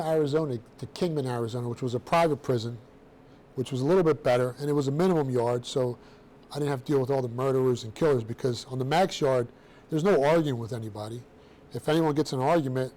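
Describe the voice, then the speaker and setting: A middle-aged man telling his own story to a room of students in a blunt, streetwise, animated way, with casual slang. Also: mid-range voice. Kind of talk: personal storytelling talk to students.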